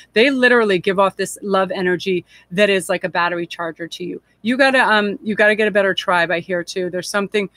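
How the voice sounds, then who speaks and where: A woman's voice: medium pitch, a bit bright, no room sound. A woman reading tarot on a live stream, talking in a gushing, heartfelt and rambling way. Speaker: tarot reader.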